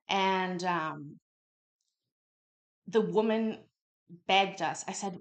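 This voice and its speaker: A woman hosting a livestream from her kitchen, telling a story in a casual, animated way and swearing freely. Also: lowish voice, very slow, long pauses. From Canada. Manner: animated, swears freely, acts out quotes loudly. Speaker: livestream host. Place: home kitchen. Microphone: home livestream mic.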